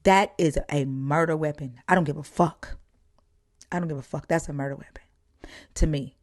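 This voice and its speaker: Heated, profane woman with a low voice. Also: fairly even intonation, moderate pace, no room sound, studio quality. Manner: blunt and profane, heated storytelling. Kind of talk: candid conversation.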